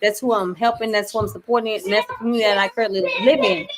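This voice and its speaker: A woman's voice: mid-range voice, fairly even intonation, fast, noisy background. A woman from Buffalo hosting a casual chat, with a mixed Southern and New York accent, rambling loosely with lots of "you know what I mean.". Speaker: host.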